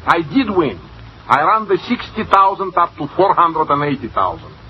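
A meek, sly cashier who wheedles and pleads in 1940s radio style. His voice sits a little high and moves lively up and down. The old recording is dull, lo-fi and faintly hissy. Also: moderate pace. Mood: pleading.

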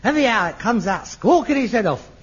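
A middle-aged man, acting in an old TV sitcom, theatrical and excitable, muttering one moment and ranting the next. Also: very high voice, fairly quick, breathy edge, heavily acted. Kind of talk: 1960s-70s TV sitcom acting. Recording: lo-fi archive TV sound with faint hiss.

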